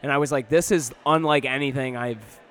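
A man's voice: mid-range voice, fairly even intonation, a little fast, a bit bright. A man hosting a podcast, chatting casually, poking fun at himself and swearing freely. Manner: self-mocking, swears freely. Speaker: podcast host. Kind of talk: casual chat.

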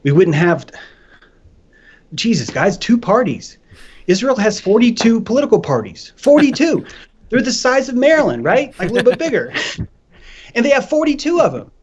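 A man in casual podcast talk, animated and profane, who slips into voices to make his points. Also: extremely high pitch, moderate pace, a little hiss or hum. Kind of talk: casual chat. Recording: dull lo-fi sound.

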